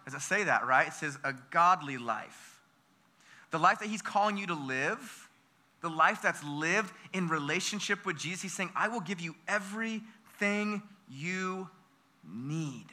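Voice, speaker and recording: High, bright-voiced preacher man. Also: moderate pace. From United States. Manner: energetic, with call-and-response questions to the congregation; repeats words and restarts phrases. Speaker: pastor. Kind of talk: sermon.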